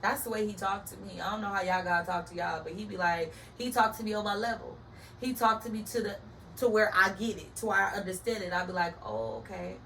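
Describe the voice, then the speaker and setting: Emphatic woman with a bright voice. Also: mid-range voice, steady tone, fast talker, recorded from a distance, a little hiss or hum, low-quality recording. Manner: earnest and emphatic, addressing listeners as y'all. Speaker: motivational speaker. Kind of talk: faith-based motivational talk.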